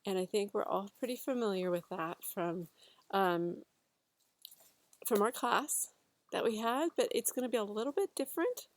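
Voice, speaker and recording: Gentle woman guiding a breathwork class. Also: medium pitch, animated, no echo. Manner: gentle, unhurried, with fillers. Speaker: breathwork facilitator. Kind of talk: guided instruction to a class.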